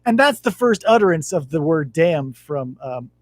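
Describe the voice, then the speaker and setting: A man's voice: a little high, moderate pace, no room sound. A man in his thirties hosting a podcast, telling stories in a casual chat with lots of profanity. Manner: animated, profane storytelling. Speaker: podcast host.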